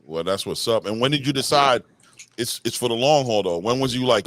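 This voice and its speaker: A man's voice: medium pitch, expressive, a little fast, fairly bright tone, slight background noise. A man hosting an interview, asking long, rambling questions in a casual way.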